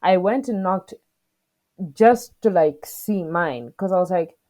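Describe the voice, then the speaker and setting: A woman's voice: on the low side, animated, takes it slowly, mellow. A young woman and podcast co-host recounting a personal story in an earnest, emotional way, voicing the back-and-forth she had with staff. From southern Africa. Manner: emotional, earnest retelling with quoted exchanges.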